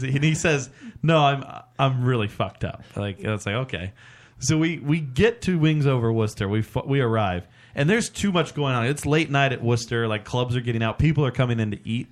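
A man's voice: mid-range voice, lively intonation, a little fast. A young adult man on a casual podcast, telling a long, rambling, profane story and acting out what people said. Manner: rambling, profane, acts out quotes. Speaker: podcast co-host.

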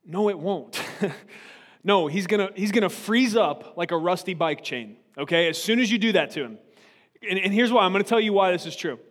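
A high-pitched male pastor delivers a relaxed, joking sermon and keeps checking in with his congregation as he goes. His voice rings out with a long reverb tail, like a recording made in a large church sanctuary. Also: a little fast. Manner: joking, frequently checks in with listeners. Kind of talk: humorous conversational sermon. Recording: reverberant hall.

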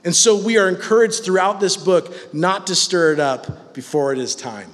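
A man's voice: high-pitched, moderate pace, long reverb tail. A man preaching a sermon in a conversational, emphatic way.

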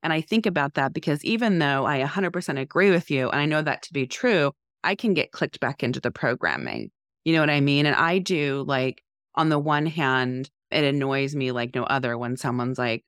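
Deep-voiced and moderately paced, a mental health therapist co-hosting a podcast chats candidly and with animation, dropping "like" often. The sound is dry and clean, studio grade.

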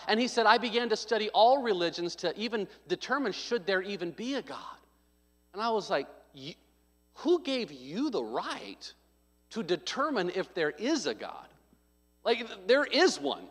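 A man's voice: high-pitched, bright, forceful tone. A man preaching a sermon, telling a story with joking asides and acting out what people said. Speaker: pastor. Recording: long hall reverb.

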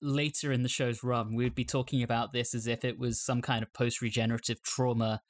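Male co-host, dry wit, mid-pitched. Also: flat delivery, fairly quick. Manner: dry, wry humor. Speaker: podcast co-host. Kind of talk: casual chat.

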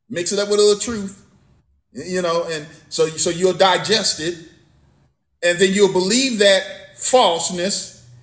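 A man's voice: high-pitched, a bit bright, echoey room. A man preaching a sermon, fervent and repetitive, breaking into spoken praise between points.

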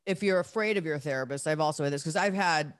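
A woman's voice: sits low, quick pace, no room sound, clean studio sound. A woman hosting a podcast in casual chat, candid and joking, laughing often. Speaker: podcast host.

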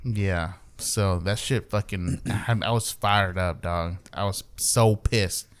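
A man's voice: deep voice, slow pace, smooth. A young man telling a profane story in casual chat, acting out the quoted lines. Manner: animated, swears a lot, acts out quotes.

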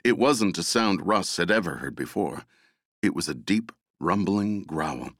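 A man narrating an action novel as an audiobook, dramatic and expressive. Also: fairly low pitch, no echo, clean studio sound. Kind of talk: scripted narration.

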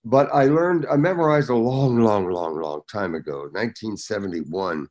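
A man's voice: lowish voice, moderate pace. An older man, an actor guest, telling anecdotes in casual chat and acting out the people he quotes. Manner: animated storyteller, acts out quotes.

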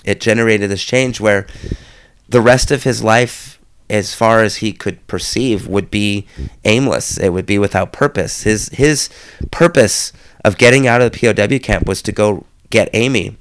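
Man, lowish pitch, smooth clear voice, dry close sound, casual book talk, restarts sentences. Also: no room sound. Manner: thoughtful, with frequent restarts and repeated words. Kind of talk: casual spoken book commentary.

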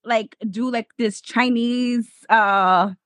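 A woman's voice: on the high side, steady tone, slow, a bit bright, no room sound, studio quality. A young woman from Spanish Harlem, New York, co-hosting a podcast in laid-back, profane, giggly chatter. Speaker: podcast co-host. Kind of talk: casual podcast chat.

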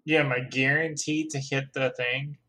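A man's voice: mid-range voice, little pitch movement, moderate pace, pushed and bright. A man playing a tabletop game, hesitant and asking questions about his moves. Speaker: player.

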